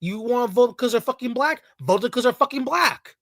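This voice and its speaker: A fired-up vlogger delivering a swearing, repetitive rant straight to the audience. The voice sits at a middling pitch in a dry, close-up sound with almost no room around it. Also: lively intonation, normal speed, a bit bright, no room sound. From Latino community in the United States. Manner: angry, profane, repetitive rant. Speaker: video creator. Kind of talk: heated ranting commentary.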